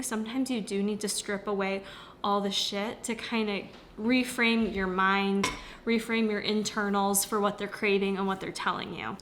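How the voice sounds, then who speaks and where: A woman's voice: mid-range voice, fairly bright tone, slight background noise. A young woman fitness vlogger talking casually and frankly, swearing freely and laughing easily. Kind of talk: casual vlog chat.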